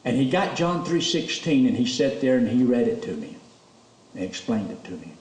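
Male preacher, lively storyteller, roomy church sound from a distance. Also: moderate pace. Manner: storytelling, animated, rises high when emotional. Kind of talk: sermon testimony.

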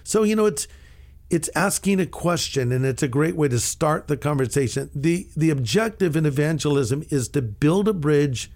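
A man's voice: on the high side, moderate pace. A middle-aged man, a pastor, telling anecdotes in a radio interview and acting out the dialogue as he goes. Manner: lively anecdotal storyteller, acts out quoted dialogue. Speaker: pastor and author.

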